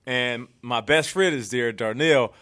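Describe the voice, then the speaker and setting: A man's voice: medium pitch, unhurried, smooth, no room sound, studio quality. A man in his thirties, a podcast co-host, telling a story casually and acting out voices as he goes. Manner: animated storyteller acting out quotes. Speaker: co-host, former NFL player.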